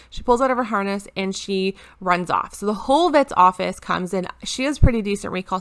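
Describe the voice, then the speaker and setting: A woman's voice: mid-range voice, sharp tone. A woman chatting to camera at home in a casual planner vlog, rambling with frequent ums and restarts. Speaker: planner vlogger.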